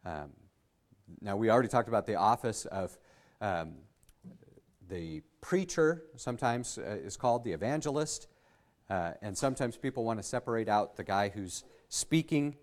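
A man's voice: lowish voice, expressive. Earnest male pastor preaching. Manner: earnest teaching tone, rising to emphatic peaks; halting with frequent fillers and restarts. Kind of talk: sermon.

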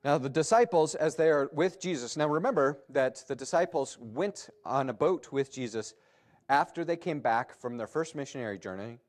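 Man, pastor, sermon, lively swooping pitch, emphatic rises and drops.

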